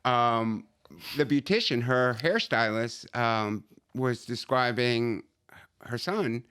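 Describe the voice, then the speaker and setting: Bright, clear-voiced man telling a story. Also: mid-range voice, slow pace. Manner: animated storyteller, laughs often, slips into Spanish. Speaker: guest. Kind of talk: storytelling in a casual chat.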